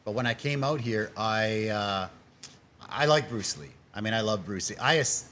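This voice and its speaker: A man from Mexico hosting a casual interview, eager and quick to cheer his guest on. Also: fairly low pitch, fairly bright tone, a little hiss or hum. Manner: eager, encouraging listener with quick affirmations. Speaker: interview host.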